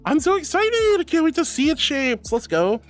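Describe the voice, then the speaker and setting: A man streaming as a VTuber reads his chat aloud and replies warmly, calling viewers sweetie and honey, while faint music plays behind him. His voice is very high-pitched and sing-song, at a moderate pace.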